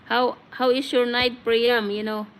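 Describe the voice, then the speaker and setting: A woman's voice: fairly high pitch, flat delivery, a little slow, a little hiss or hum, low-quality recording. A woman from the Philippines hosting a casual live-stream chat, greeting viewers by name in a chatty, friendly way. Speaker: livestream host. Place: home in Australia.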